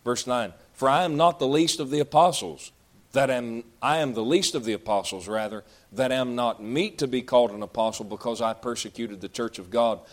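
A man's voice: medium pitch, moderate pace. A man preaching a sermon, reading scripture aloud and explaining it in folksy, conversational asides.

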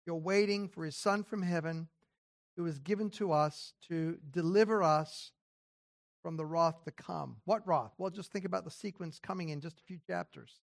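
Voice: medium pitch, normal speed. A preacher giving an expository sermon, reading scripture aloud and then explaining it in casual spoken phrasing with rhetorical questions. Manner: casual spoken phrasing with occasional throat clearing.

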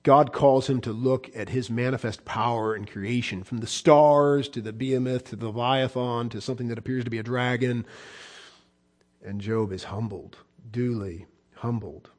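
A man pastor preaching a sermon, emphatic, with rhetorical questions and repetition, swinging between hushed and loud. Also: medium pitch, steady tone, normal speed.

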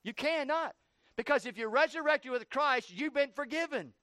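A man pastor preaching a sermon in a church, building to heated rapid questioning and then easing down. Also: extremely high pitch, lively intonation, pushed and bright, no echo.

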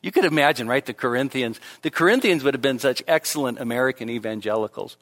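A pastor preaches a fast-paced expository sermon before his congregation, his somewhat bright voice climbing sharply to emphatic high peaks on key points. He drops into conversational asides and light humor in between, and the recording has a big-room sound.

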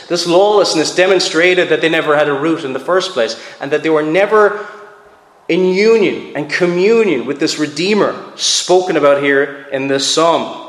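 A man preaching a sermon as pastor, earnest and emphatic, repeating phrases for weight. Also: on the high side. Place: church sanctuary. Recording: echoey hall with long reverb.

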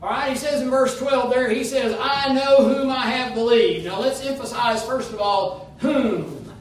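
A man with an extremely high voice preaches emphatically, a little slowly, in a church sanctuary, his rising phrases slipping into half-song. A distant mic in the echoey room picks him up with slight background noise.

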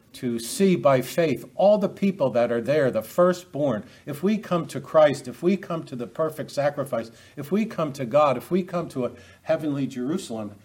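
A man's voice: medium pitch, darkish tone. A man preaching an expository sermon, talking unscripted with frequent restarts and rhetorical questions to his listeners.

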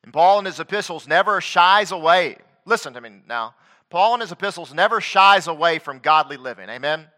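A man preaching a sermon in a high, ringing voice. He reads scripture aloud, then swings from loud emphatic stresses to hushed asides. His tone stays bright and forward throughout. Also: expressive, fairly quick. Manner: reads scripture aloud in King James wording.

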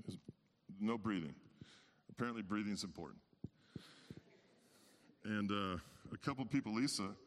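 A man serving as pastor, giving an informal sermon in a relaxed, conversational way with dry humor. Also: fairly low pitch. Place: church sanctuary. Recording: long church hall reverb.

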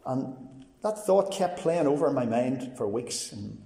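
A man's voice: mid-range voice, lively intonation, measured pace, vocal fry, dark tone. A man giving a personal testimony sermon, telling his story earnestly and acting out what others said to him. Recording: reverberant hall.

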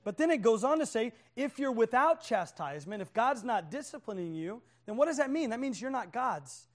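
A man's voice: very high voice, very animated, fairly quick. A man preaching a sermon in a conversational way, joking with his listeners and often asking "right?".

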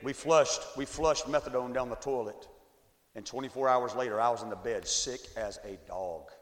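A man in his forties, an evangelist, delivers a testimony sermon in a church sanctuary, shifting between quiet storytelling and shouted climaxes. His voice sits in the mid-range and moves at a moderate pace, and the hall's acoustics give the recording a noticeable echo.

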